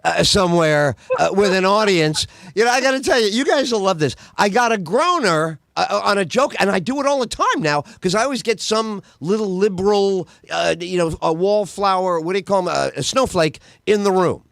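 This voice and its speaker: A man hosting a podcast as a comedian, telling jokes in an energetic, animated way and laughing at his own bits. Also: high-pitched, a little fast, vocal fry, few pauses, no echo, studio quality.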